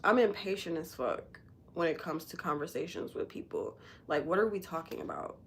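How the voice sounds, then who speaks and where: A woman with a low, deep-set voice talks candidly to her livestream viewers, rambling through fillers and casual swearing. She sounds emotional and tender from recent crying. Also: expressive, normal speed. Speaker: livestream host.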